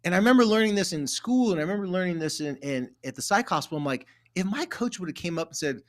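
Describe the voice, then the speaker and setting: Animated storytelling man, somewhat high voice. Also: fast, hardly any pauses. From California. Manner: animated, acts out quoted dialogue. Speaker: therapist guest. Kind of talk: casual conversational storytelling.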